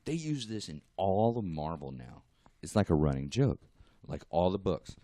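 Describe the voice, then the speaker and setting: A man's voice: deep voice, moderate pace, dry recording. A man, a guest artist, telling a story in casual podcast chat, laughing and acting out what others said. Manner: animated, laughing, acts out quotes.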